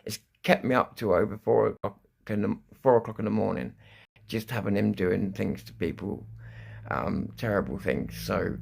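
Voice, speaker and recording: A man's voice: lowish voice, creaky. A man hosting a live stream, talking in a rambling way, restarting sentences and swearing freely. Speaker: livestream news host. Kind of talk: casual live-stream monologue.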